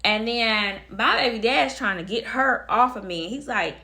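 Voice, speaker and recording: A young woman recounts a personal story straight to camera. Her voice is bright and forceful, with a blunt, emphatic delivery that repeats phrases to drive each point home and keeps turning to speak right at her viewers. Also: a little high, normal speed. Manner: addresses viewers directly. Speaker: storytime vlogger.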